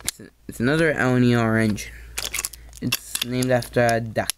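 A man's voice: mid-range voice, steady tone, normal speed, background noise. A man giving a casual toy train review, hesitant and often correcting himself mid-sentence.

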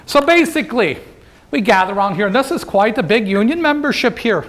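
A man performing as a jovial union organizer from the 1880s, folksy and full of jokes as he works the crowd. His voice sits high for a man. He talks straight to the audience in a first-person historical role-play. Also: animated, brisk, a bit bright. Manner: folksy, joking, addresses the crowd directly. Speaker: living-history presenter.

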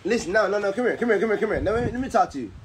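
A man's voice: sits high, expressive, racing, crowd noise. A young man and father, chatting casually on a vlog while he films his toddler, laughing and teasing in a loose, profane way. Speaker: vlogger and father. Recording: noisy home video.

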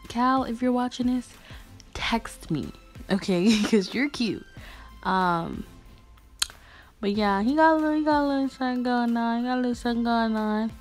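A woman's voice: a little high, moderate pace, pauses often. A young woman vlogger chatting casually and gushing as she reads fan messages aloud. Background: faint music.

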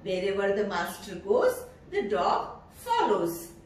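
Woman, preschool teacher, sing-song, slow pace, distant echoey recording. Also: mid-range voice, huge pitch swings, slight background noise. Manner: sing-song, slow and drawn out, imitates animal sounds. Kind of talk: teaching young children. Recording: echoey room from far off.

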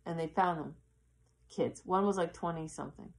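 A woman in casual, earnest storytelling, halting and acting out the voices of the people in her story. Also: fairly low pitch. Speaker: yoga teacher.

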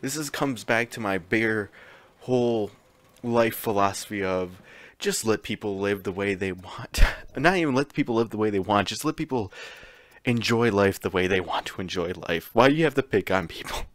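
A man's voice: fairly low pitch, normal speed, no room sound. A man rambling casually with many ums and chuckles while commenting on a video game. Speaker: game streamer.

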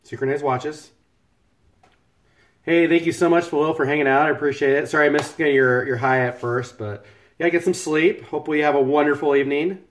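A man's voice: a little high, steady tone, fairly quick. A man chatting casually on a cooking livestream, joking and thanking viewers by name. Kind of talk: casual live-stream chat while cooking. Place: home kitchen.

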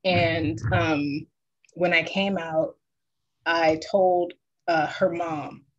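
Guest artist on a video call, low and warm, an animated storyteller who quotes others. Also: female voice, drawn-out words, lo-fi sound.

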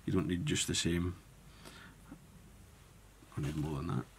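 Low-voiced man. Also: measured pace, slightly rough. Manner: relaxed, thinking aloud while working with hands. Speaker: fly tying instructor. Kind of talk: step-by-step tutorial narration.

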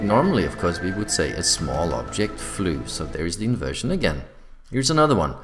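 A man with a low voice gives a scripted English grammar lesson. His pitch moves a lot, and he slows down to read each example sentence. Faint music plays behind him. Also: big pitch swings. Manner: clear, deliberate delivery, slowing to read example sentences. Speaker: English teacher.

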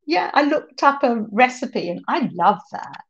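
A woman's voice: a little high, animated, a little slow, lo-fi sound. A woman hosting a craft livestream, chatting casually, reading out viewer comments and laughing often.

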